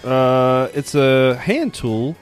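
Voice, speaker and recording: Extremely slow and expressive, this man's medium-pitched voice is clear and resonant, set against soft background music. Co-hosting a podcast, he tells a story in casual chat, hesitating with plenty of fillers.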